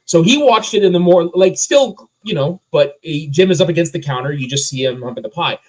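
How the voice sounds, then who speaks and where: A man's voice: fairly high pitch, expressive, a little fast, poor audio. A man co-hosting a casual movie review podcast, sharing trivia and laughing often. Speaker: podcast co-host.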